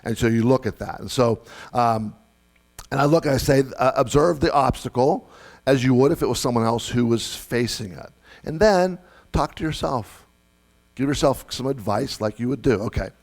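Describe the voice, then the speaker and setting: A man's voice: mid-range voice, normal speed, darkish tone. A middle-aged man delivering a sermon as pastor, conversational, repeating key phrases and putting questions to the congregation.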